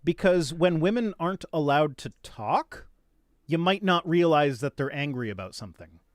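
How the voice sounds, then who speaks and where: Sarcastic, animated man with dry sound. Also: on the high side, normal speed, dry recording. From Canada. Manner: sarcastic, animated storytelling with frequent restarts. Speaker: podcast host. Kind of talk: casual chat reacting to tweets.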